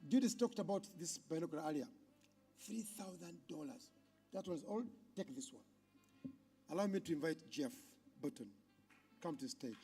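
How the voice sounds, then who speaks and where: Husky Ugandan emcee, warm low tone. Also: male voice, brisk, faint music behind. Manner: loud, animated announcing to a crowd. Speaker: conference emcee. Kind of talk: live stage hosting.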